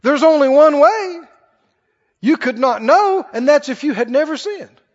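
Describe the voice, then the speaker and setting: A man preaching a sermon in an animated, conversational way to a church congregation. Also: extremely high pitch, unhurried. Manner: animated, conversational, acts out quoted voices. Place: church hall. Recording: dull recording with long hall reverb.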